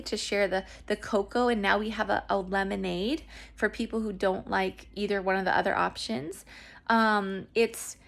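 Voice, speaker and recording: A woman selling products through a home business, talking earnestly and casually to camera at home, full of fillers and restarts. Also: creaky. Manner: grows emotional and lively in pitch. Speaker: network marketing distributor. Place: at home with children nearby.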